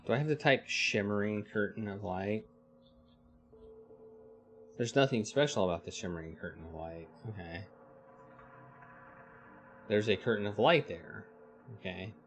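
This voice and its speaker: A man's voice: fairly low pitch, a little slow, long pauses, a bit bright. A man streaming a live text adventure, thinking aloud, reading the game text and greeting his chat. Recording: faint music behind.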